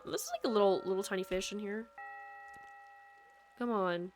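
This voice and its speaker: A young woman with a Midwestern American accent chats loosely into a USB mic as she streams a game. Her voice sits at an ordinary middle pitch, and she rambles from thought to thought with plenty of "like". Soft lofi music plays low underneath. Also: moderate pace. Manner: rambling, chatty, peppered with "like". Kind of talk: casual gameplay chat. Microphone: USB microphone.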